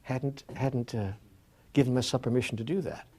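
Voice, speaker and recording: Husky-voiced man telling a story. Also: medium pitch, normal speed. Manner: animated storyteller acting out dialogue, drops to soft near-whispers. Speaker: spiritual speaker. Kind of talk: storytelling talk.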